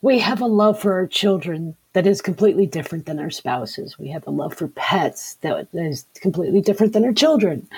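A woman giving an earnest personal account as an interview guest. She talks haltingly and often repeats her words. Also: fairly low pitch, expressive, darkish tone, breathy edge, rough recording. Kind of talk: personal testimony in conversation.

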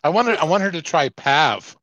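A man's voice: a little high, lively intonation, a little fast, fairly bright tone, no echo. A man hosting a podcast in casual chat, easygoing with stumbling restarts. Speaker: podcast host. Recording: dull lo-fi sound.

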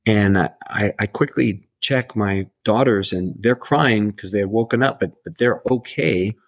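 A middle-aged man telling a personal story on a podcast in an earnest, halting way, often restarting his sentences. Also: lowish voice, breathy edge, no room sound. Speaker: podcast guest.

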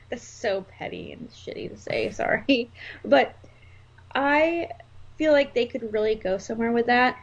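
A woman in a casual podcast chat about wrestling, talking in an animated, rambling, jokey way. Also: fairly high pitch, measured pace, pauses often. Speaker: podcast co-host. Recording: slightly dull lo-fi sound.

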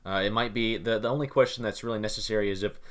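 A young man co-hosting a casual talk show, rambling and repeating words as he thinks out loud. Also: on the low side, steady tone, fast talker. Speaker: podcast co-host. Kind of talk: casual chat.

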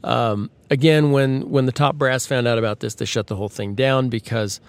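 A man's voice: mid-range voice, steady tone, moderate pace, clear, resonant tone, dry recording. Earnest man in a dry monologue. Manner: conversational, earnest, with frequent fillers and restarts. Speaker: podcast host. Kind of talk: casual monologue.

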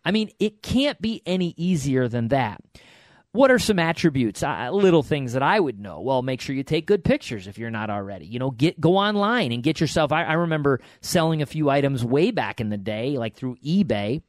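A man's voice: mid-range voice, big pitch swings, moderate pace, no room sound. A middle-aged man co-hosting a podcast, telling stories and giving encouraging advice in a casual way with frequent restarts.

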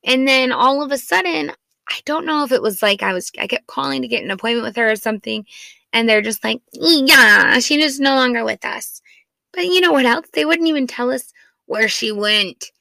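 A woman's voice: fairly high pitch, vocal fry, a bit bright, dry recording. A woman in her thirties, a mother of four, telling a family story in a chatty, rambling, self-deprecating way with lots of "like". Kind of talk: casual storytelling podcast.

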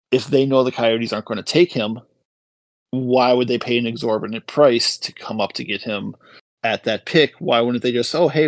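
Co-hosting a laid-back hockey podcast, a man with a medium-pitched voice reads out what listeners have posted and picks apart trades analytically. The audio is dry and of poor quality.

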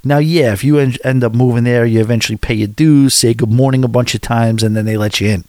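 A man's voice: mid-range voice, fairly even intonation, quick pace, darkish tone, no room sound, clean studio sound. A man from the United States telling a travel story to his viewers in a casual, rambling, candid way.

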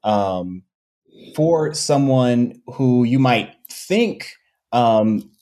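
A man, a comics creator being interviewed, talking casually about his books with many pauses and restarts. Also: medium pitch. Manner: relaxed, many ums and restarts.

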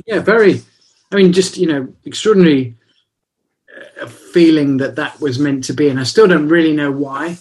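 A man's voice: fairly high pitch, normal speed, darkish tone. A man in casual conversation, telling rambling, reflective stories. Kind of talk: casual chat.

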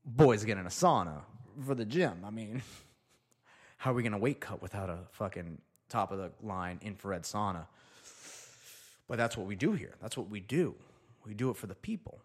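A young man with a notably deep, low voice hosts a casual solo show. He rambles loosely, muttering to himself as he reads through each item. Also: expressive, normal speed, long pauses, breathy edge. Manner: loose, rambling, talks to himself while reading. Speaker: podcast host.

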